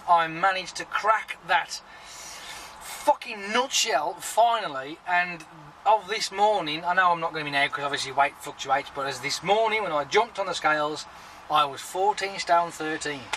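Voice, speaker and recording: A man's voice: a little high, a little slow, pushed and bright, far from the mic, slight background noise, rough recording. A man chatting casually to his viewers in a rambling, sweary vlog, talking freely. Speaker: vlogger.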